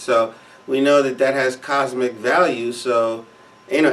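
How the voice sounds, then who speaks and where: A man's voice: medium pitch, fairly bright tone, far from the mic. A man co-hosting a reaction show, commenting casually in a heated, emphatic way with frequent repetition.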